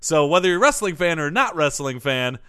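A man with a bright, fairly high voice trades dry, wry jokes in a casual chat. His tone stays light and crisp as he tells stories and teases his host. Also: big pitch swings, fairly quick. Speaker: podcast guest.

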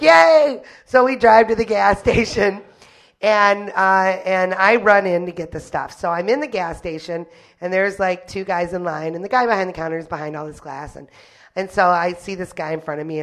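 Gravelly-voiced woman. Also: medium pitch. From Detroit. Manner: chatty, rambling. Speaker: storyteller. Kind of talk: personal story told to an audience.

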